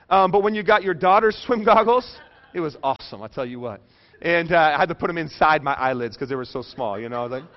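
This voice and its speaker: Animated joking pastor, slightly high voice. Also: male voice. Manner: animated, joking, drops soft and low for emotional parts. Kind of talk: sermon storytelling. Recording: dull lo-fi sound.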